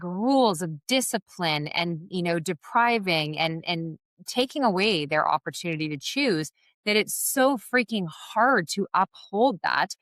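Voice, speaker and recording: A woman's voice: fairly low pitch, a bit bright, dry recording, studio quality. A woman guest on a podcast, talking earnestly and encouragingly in a casual conversational way, often saying "like" and "you know". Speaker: podcast guest, wellness business founder. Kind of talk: conversational interview.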